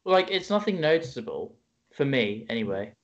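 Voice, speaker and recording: A man co-hosting a podcast, calmly correcting his friend's details in casual chat. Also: mid-range voice, normal speed, dull audio. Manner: matter-of-fact corrections. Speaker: podcast co-host.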